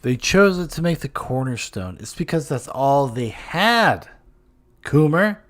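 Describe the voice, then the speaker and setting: A man's voice: fairly high pitch, very animated, a little slow, fairly bright tone. Sarcastic, profane male podcast host. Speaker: podcast host reacting to a clip. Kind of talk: sarcastic reaction commentary.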